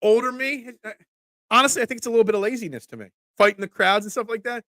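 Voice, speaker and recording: Congested, bright-voiced male talk host. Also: very high voice, quick pace, dry recording, clean studio sound. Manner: rambling, talks back to chat commenters. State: congested, voice cracking. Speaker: sports talk show host. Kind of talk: casual live-stream chat reading viewer comments.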